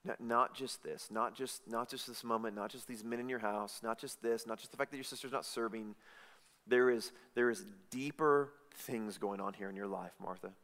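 A man preaching a sermon, swinging from loud emphatic lines to hushed, intimate ones. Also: mid-range voice, steady tone, normal speed. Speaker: pastor. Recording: reverberant hall.

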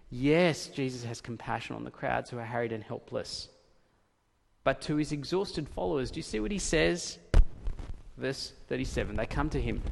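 A man preaching a sermon, emphatic and repeating key phrases, dropping to a hush and then rising again. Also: medium pitch, creaky. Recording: long hall reverb.

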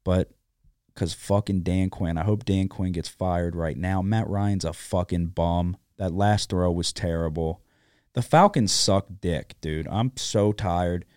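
A man's voice: low voice, measured pace, darkish tone, clean tone, no echo, clean studio sound. A man co-hosting a sports betting podcast, ranting with frequent profanity in casual chat.

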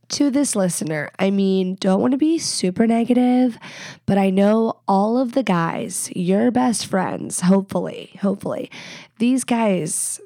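A woman's voice: mid-range voice, lively intonation, mellow, no room sound. Congested woman in her thirties hosting a podcast, blunt and candid, dry close mic. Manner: blunt, candid, quick asides. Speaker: podcast host. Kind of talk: casual advice chat.

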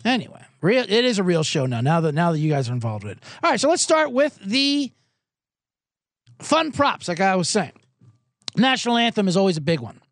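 A man's voice: sits high, very animated, a little fast, fairly bright tone, no room sound, clean studio sound. A man hosting a sports betting livestream, talking casually and profanely, rambling and reading out viewer comments. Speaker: sports betting show host.

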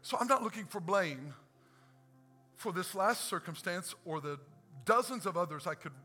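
A male pastor preaching a sermon in a church, swinging from hushed to shouted and repeating phrases for emphasis. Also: sits high, animated, normal speed. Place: church sanctuary. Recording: church hall reverb with faint music.

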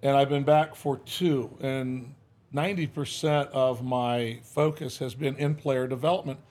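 Husky older man telling folksy stories. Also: medium pitch, unhurried. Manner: folksy, animated storyteller acting out quotes. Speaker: guest, former baseball manager. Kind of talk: casual interview storytelling. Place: podcast studio.

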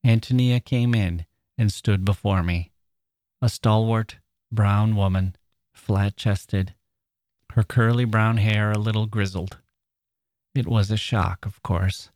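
A man hosting a literature podcast, reading passages from a novel aloud and then commenting on them in a measured, reflective way, sometimes searching for his words. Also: on the low side, fairly even intonation, darkish tone, no room sound, studio quality.

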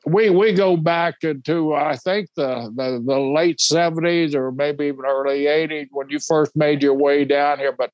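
An older man from Oklahoma co-hosts a casual podcast interview in a rambling style, often repeating his words. His voice sits a little high, and the sound is dry and close. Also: steady tone, a little slow, few pauses, darkish tone, dry recording, lo-fi sound. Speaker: podcast co-host.

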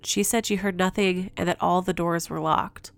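A woman host narrating in a scripted, measured way that asks pointed questions. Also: on the low side, fairly even intonation.

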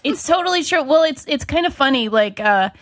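A woman's voice: high-pitched, lively intonation, a little fast. A woman with a thick Rhode Island accent, chatting casually as a podcast guest. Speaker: guest reviewer.

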